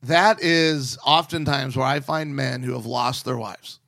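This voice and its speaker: A middle-aged man co-hosting a talk podcast, telling stories in a sarcastic, animated way. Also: medium pitch, unhurried, vocal fry, no room sound, studio quality. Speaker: podcast co-host. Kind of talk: casual chat.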